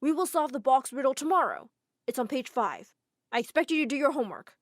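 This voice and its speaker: An oblivious, creepy male teacher, voiced by a woman in an animated story. He speaks with breezy confidence, in a lecturing tone. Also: high-pitched, brisk, no echo, studio quality.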